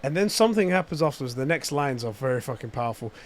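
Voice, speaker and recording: A man's voice: mid-range voice, expressive, quick pace, slight background noise. A man on a casual fan review podcast, emphatically recounting scenes. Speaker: podcast co-host.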